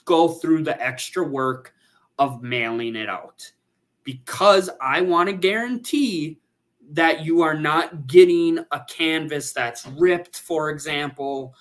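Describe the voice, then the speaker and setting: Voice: mid-range voice, a bit bright. A photographer hosting a casual livestream, chatting and reading out viewer comments.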